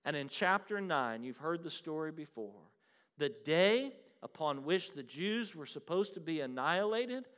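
A male preacher delivers a sermon in a voice pitched a little above the usual. He swings from loud, ringing declarations down to hushed, quiet lines, and he addresses his listeners as "beloved.". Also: lively intonation, a little slow.

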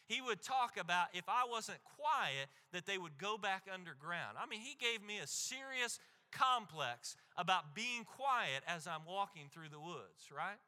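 A man's voice: high voice, sing-song, unhurried, hardly any pauses, sharp tone, long reverb tail. A man preaching a sermon as a pastor, telling stories earnestly, often repeating and restarting words, and asking the crowd "right?".

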